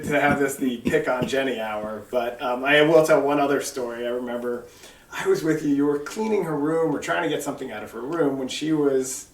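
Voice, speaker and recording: A middle-aged man telling family stories to his mother in a relaxed, wry way. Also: medium pitch, fairly quick, a little hiss or hum. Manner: relaxed, wry storyteller who trails off and laughs. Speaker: son interviewing his mother. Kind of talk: casual family storytelling. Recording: roomy sound from far off the mic.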